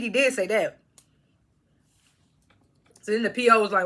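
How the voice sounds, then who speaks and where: A woman's voice: mid-range voice, a little slow, long pauses, sharp tone. A young woman recapping a TV episode in a casual monologue, laughing often and stringing thoughts together with fillers while she chews snacks. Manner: talks while chewing snacks. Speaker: TV episode reviewer.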